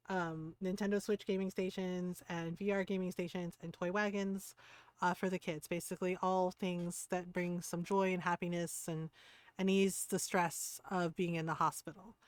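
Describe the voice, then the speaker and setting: A woman's voice: fairly low pitch, smooth, no echo. Chatty middle-aged woman streaming a game. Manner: chatty and rambling, many fillers, laughs easily. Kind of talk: casual livestream commentary.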